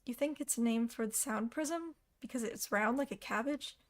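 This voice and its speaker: A woman's voice: a little high, moderate pace, close to an everyday voice. A woman voicing a cheerful, chatty schoolgirl with an eager, imaginative way of talking in an audiobook reading. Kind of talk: audiobook character voice.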